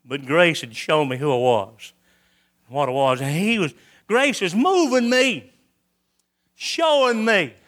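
Bright, high-voiced folksy preacher man. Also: animated, takes it slowly, pauses often. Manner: folksy, repetitive storytelling. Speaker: preacher giving his testimony. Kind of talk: sermon testimony.

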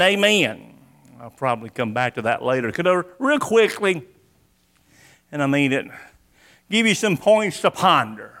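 A man preaching a sermon in a high voice. He reads scripture dramatically, with his voice leaping upward on key words. Between readings he drops into folksy, plainspoken asides. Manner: animated, dramatic scripture reading with sudden rises.

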